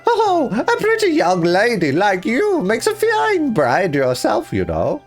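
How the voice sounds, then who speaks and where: A man voicing a cheery old male villager from a puzzle video game in a high, wavering old-man voice. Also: wildly swooping pitch, slow, faint music behind, heavily acted. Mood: flattering.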